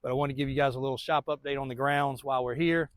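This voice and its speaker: A man's voice: mid-range voice, steady tone, fast talker, dry recording. A man in his thirties, a truck shop owner, rambling through a casual walkaround update of his lot, laughing often.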